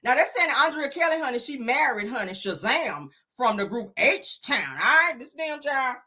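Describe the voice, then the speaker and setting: A woman's voice: high voice, very animated, moderate pace, sharp tone. A woman hosting casual celebrity gossip on a livestream, sassy and slangy, teasing her viewers and calling them honey and child.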